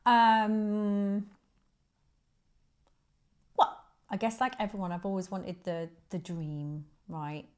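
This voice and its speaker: A woman in her forties, a guest chatting casually, laughing often, her voice jumping up when she gets excited. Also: mid-range voice, takes it slowly, long pauses. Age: 40s. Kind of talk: casual chat.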